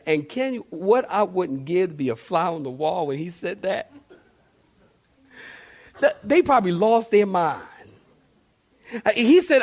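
A pastor with a high-pitched voice preaches at a moderate pace in a church. He's animated and speaks straight to the congregation, sometimes acting out shouts.

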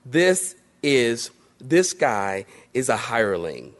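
A man's voice: medium pitch, big pitch swings, takes it slowly. A man preaching through a Bible passage in a conversational way, with playful asides. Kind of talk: expository Bible teaching.

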